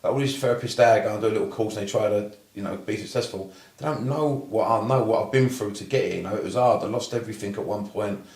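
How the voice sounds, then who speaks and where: A blunt Cockney man who swears constantly, a therapist recounting his path in a relaxed interview. He talks at a quick clip, words tumbling out. The recording carries a roomy echo. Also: fairly low pitch. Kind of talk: casual interview storytelling.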